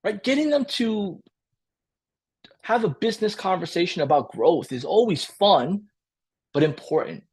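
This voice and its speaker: High-pitched and expressive, a little mellow and husky, this man's voice leads a lively live training webinar. He keeps repeating key points, checks in with "right?", and quickly role-plays client dialogue.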